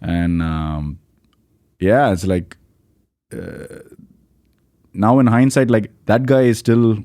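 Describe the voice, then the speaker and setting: Low-voiced Indian-accented man telling stories. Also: fairly even intonation, slow, dark tone, no room sound, clean studio sound. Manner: rambling, filler-heavy, with lots of "like, you know". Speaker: stand-up comedian, podcast guest. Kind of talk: casual storytelling chat.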